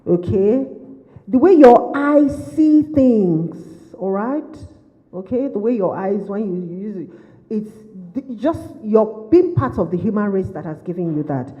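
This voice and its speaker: Here the behaviour management trainer sounds animated, her medium-pitched voice holding a moderate pace. She lectures a workshop of caregivers, asking question after question and repeating her points, recorded lo-fi with a long hall reverb.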